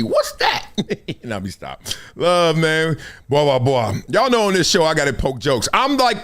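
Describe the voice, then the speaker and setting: A man's voice: medium pitch, big pitch swings, normal speed, a bit bright. A man hosting a live sports show, talking in a casual, slangy, joking way and laughing often. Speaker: host.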